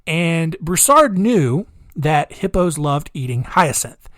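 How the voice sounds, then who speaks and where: A man's voice: a little high, expressive, takes it slowly, fairly bright tone, no echo, clean studio sound. A man hosting a podcast, telling history stories in a chatty, rambling way with sarcastic asides. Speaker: podcast host. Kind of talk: casual comedic monologue.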